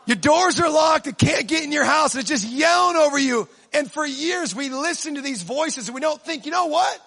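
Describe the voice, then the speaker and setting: A man preaching a sermon in an animated way, swinging from low, quiet asides to shouted punchlines, with humor. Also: moderate pace.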